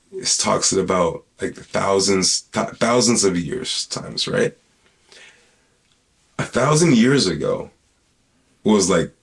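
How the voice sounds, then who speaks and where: A man's voice: sits low, gravelly. A man hosting a podcast in casual, rambling talk, full of slang and swearing. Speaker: podcast host.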